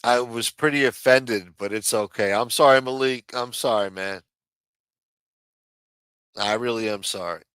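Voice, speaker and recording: Male stream host, smooth resonant voice, dry close sound, heated and profane. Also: mid-range voice, measured pace, long pauses, fairly bright tone, dry recording. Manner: heated, profane, repetitive, then apologetic. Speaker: livestream host. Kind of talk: profane political rant on a stream.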